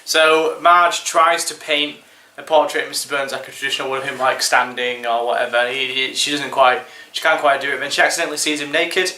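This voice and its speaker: Bright-voiced man in casual podcast chat. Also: medium pitch, a little fast, hardly any pauses, echoey room. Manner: rambling, lots of fillers and restarts. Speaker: podcast co-host. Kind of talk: casual chat reviewing a TV episode.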